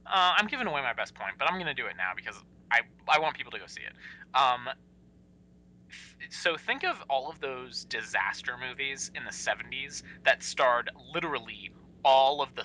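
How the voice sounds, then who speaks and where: A young man co-hosting a podcast in casual chat, animated and full of fillers. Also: moderate pace, rough recording. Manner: animated, lively, with many fillers and sudden pitch jumps. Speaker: podcast co-host.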